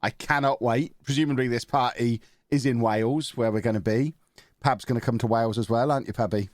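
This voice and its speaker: A man's voice: medium pitch, fairly even intonation, fairly quick, dry recording. A man hosting a casual podcast, teasing his co-hosts with dry, joking remarks. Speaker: podcast host.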